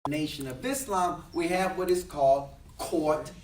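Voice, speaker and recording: A man's voice: fairly high pitch, normal speed, recorded from a distance. A preaching man in an echoey hall. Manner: preaching with humor, rising to shouts. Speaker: minister. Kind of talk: sermon. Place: large hall with live congregation. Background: congregation responding.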